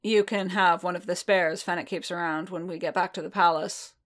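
A woman's voice: lowish voice, fairly even intonation, fairly quick, a bit bright, close to an everyday voice. A woman reading the lines of a grim, wary veteran male bounty hunter who speaks in a dry, terse, understated way.

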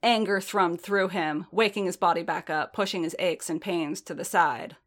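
A woman narrating a fan fiction story in a steady storytelling manner. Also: fairly low pitch, normal speed.

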